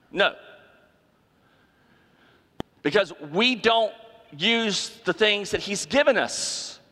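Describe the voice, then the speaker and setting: Bright-voiced preacher in a reverberant hall. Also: male voice, sits high. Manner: preaching with emphatic repetition and rhetorical questions. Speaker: pastor. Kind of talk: sermon.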